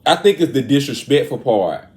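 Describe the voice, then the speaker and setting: Man as a chatty show host; heartfelt, emotional, goes loud then soft. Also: medium pitch, animated, moderate pace. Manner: emotional and earnest, swings between raised and soft talk. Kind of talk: casual commentary on celebrity news.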